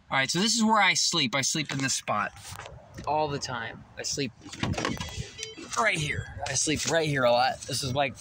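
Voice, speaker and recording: A young man vlogging outdoors beside his car, telling a rambling, excitable story and swearing freely. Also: mid-range voice, a little hiss or hum. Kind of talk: casual vlog storytelling. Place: outdoors by a tree near his parked car.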